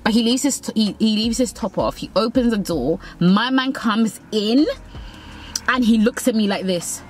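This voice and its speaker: A woman's voice: a little high, expressive, normal speed, darkish tone, slight background noise, low-quality recording. A young woman, candidly telling a personal dating story, quoting others and swearing freely. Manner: candid, swearing, acts out quotes. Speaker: vlogger. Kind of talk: casual storytelling.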